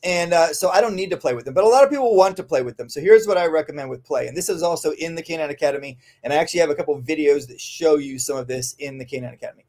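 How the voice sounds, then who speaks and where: A man who trains dogs, answering listener questions in a casual podcast, often tagging "right?" and filling pauses with "um". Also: fairly high pitch, expressive, a little mellow. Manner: conversational, frequent "um" and tag "right?". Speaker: dog trainer.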